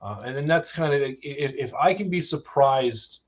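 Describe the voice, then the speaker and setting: A man's voice: medium pitch, animated, normal speed, lo-fi sound. An American man co-hosting a casual chat, thoughtful, putting questions to the others. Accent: American English. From United States. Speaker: podcast co-host.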